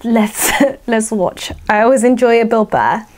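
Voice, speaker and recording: A woman's voice: fairly high pitch, expressive, unhurried. A woman hosting a reaction video, chatting in an easygoing, giggly way. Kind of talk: casual reaction commentary.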